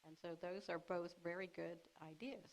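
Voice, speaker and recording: A woman preaching to a congregation, retelling a scripture story in a lively way, acting out the characters' lines and laughing along. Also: on the low side, normal speed, rough recording. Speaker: speaker at a congregation service. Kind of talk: teaching sermon.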